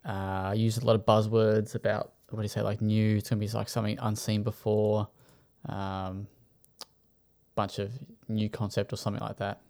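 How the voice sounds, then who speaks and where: A man's voice: fairly low pitch, level tone, moderate pace, vocal fry, warm tone. A man hosting a casual chat, running through news items with plenty of filler words. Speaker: podcast host.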